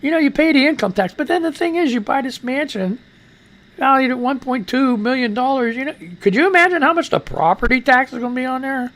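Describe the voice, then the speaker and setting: Speaking a little fast, a man hosting a talk radio show reads out news items and comments on them in a profane rant. Whenever he gets worked up, his voice rises high.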